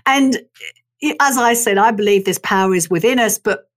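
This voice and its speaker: A woman's voice: medium pitch, moderate pace, a bit bright. A woman in her forties or older hosting a podcast, talking frankly in a sweary monologue with frequent laughs, acting out her past thoughts. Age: 40s or older. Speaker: podcast host. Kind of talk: candid solo podcast monologue.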